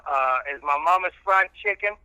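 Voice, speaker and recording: A man, chatting casually as a guest on a podcast, folksy and halting with many fillers. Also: high voice, sharp tone, clean tone, no room sound, low-quality recording. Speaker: radio host and guest.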